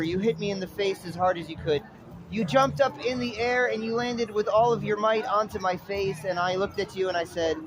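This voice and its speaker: A man delivering a rambling, dramatic stream-of-consciousness monologue with poetic turns. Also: high-pitched. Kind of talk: rambling spoken-word monologue. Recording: street noise with traffic.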